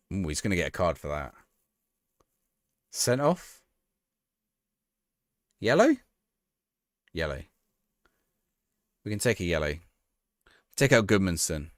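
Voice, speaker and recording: A man with a fairly low, very animated voice chats loosely with his viewers while he plays a football management game. He thinks aloud and reacts to each play, and his voice sounds dry and close with no room. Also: no room sound. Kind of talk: casual live-stream chat.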